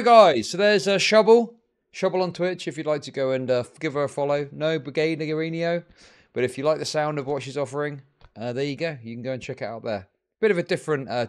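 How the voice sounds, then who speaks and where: A man's voice: mid-range voice, clean tone. A man hosting a reaction stream, commenting in a mocking, sarcastic way.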